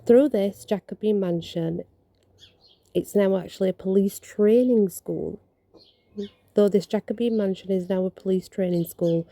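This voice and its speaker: Bright-voiced woman reading ghost tales outdoors. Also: mid-range voice, no room sound. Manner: reads from notes, stumbles and corrects herself. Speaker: vlogger reading ghost stories. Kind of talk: reading aloud, casual asides.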